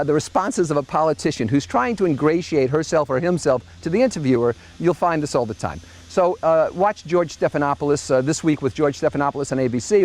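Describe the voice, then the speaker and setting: A middle-aged man hosting a monthly opinion commentary, delivering a sardonic, mocking monologue. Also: a little high. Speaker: host.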